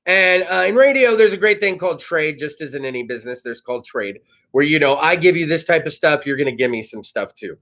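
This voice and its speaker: Rambling, profane, high gravelly man. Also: expressive, fairly quick, a bit bright. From California. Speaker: host. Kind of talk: casual monologue. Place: studio.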